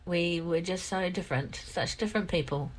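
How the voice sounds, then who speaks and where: An older woman with a croaky throat, telling a personal story in a rambling, candid way. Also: lowish voice, normal speed, poor audio. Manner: rambling, candid, repeats herself. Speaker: vlogger.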